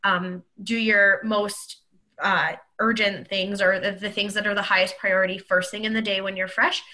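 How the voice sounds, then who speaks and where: A woman's voice: mid-range voice, little pitch movement, moderate pace, sharp tone. A woman on a podcast panel giving productivity advice, thoughtful and coaching in tone with frequent ums. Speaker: panel guest.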